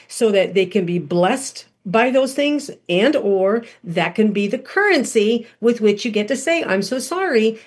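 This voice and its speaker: A woman's voice: mid-range voice, slightly rough. A middle-aged woman, a guest on a podcast, telling parenting stories and acting out what was said in her own voice. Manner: animated storyteller who acts out quotes. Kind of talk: storytelling talk.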